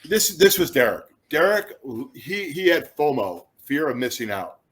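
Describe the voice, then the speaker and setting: A man in his fifties from Chicago, a former football player, telling lively anecdotes as an interview guest and acting out other people's words. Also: fairly high pitch, a little slow. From Chicago, USA. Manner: animated storyteller who acts out quotes, with frequent restarts.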